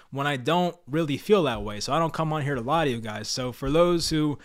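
A man with a fairly high-pitched voice delivers opinionated sports commentary. He is blunt and frustrated, speaking straight to his viewers as the regular voice of his own channel. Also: animated, brisk, hardly any pauses. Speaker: sports commentator, Giants fan channel host. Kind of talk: opinionated scripted commentary to camera.

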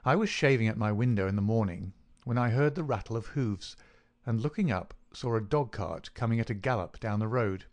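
A man narrating a classic detective story in a steady, even storytelling manner. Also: lowish voice, brisk. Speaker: audiobook narrator. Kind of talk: scripted narration.

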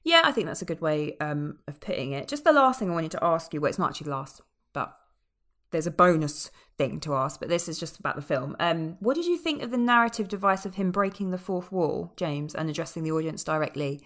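Deep-voiced and a little fast, a female podcast co-host chats animatedly about a film in a casual review. Her talk is full of fillers, with the odd swear word thrown in.

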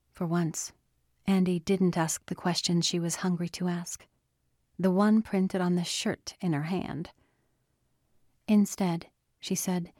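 Lady reading a novel out loud, slow and low, dry close sound. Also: fairly even intonation, dry recording. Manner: measured, quietly voices each character. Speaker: audiobook narrator. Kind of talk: scripted narration.

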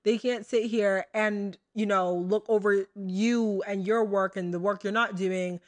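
A young American woman hosts her own podcast, speaking unhurriedly in a mid-range voice with fairly even intonation. She talks casually and chattily to her listeners, full of fillers and asides.

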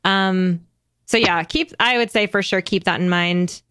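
A woman hosting a podcast in casual conversation, chatty and animated, with lots of fillers and frequent laughs. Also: medium pitch, unhurried, clean tone, dry recording. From United States. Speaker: podcast host.

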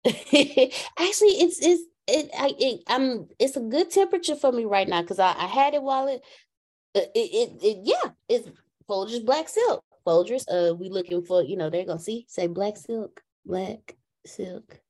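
Southern woman co-host, chatty and warm-hearted, very animated in her pitch, casual talk. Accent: Southern American. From Galveston, Texas. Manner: bubbly, chatty, laughs often, drawn-out greetings. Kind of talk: casual livestream chat.

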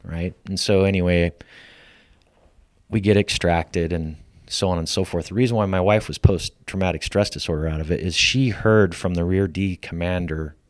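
A middle-aged man, a podcast guest, telling a personal story in a lively way and acting out the lines of the people in it. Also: deep voice, moderate pace, dry recording. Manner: lively storyteller who acts out quoted lines. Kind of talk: storytelling in casual conversation.

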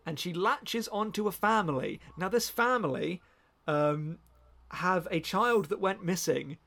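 A man chatting casually on a podcast, his rambling, enthusiastic talk full of restarts and self-corrections. His voice sits a little high for a man and has a gravelly edge. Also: fairly bright tone. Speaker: podcast co-host. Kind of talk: casual chat.

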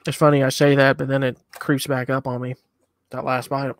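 A man's voice: mid-range voice, flat delivery, fairly quick, slight background noise. A man co-hosting a casual podcast, chatting in an easygoing, rambling way while eating hot wings. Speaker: podcast co-host.

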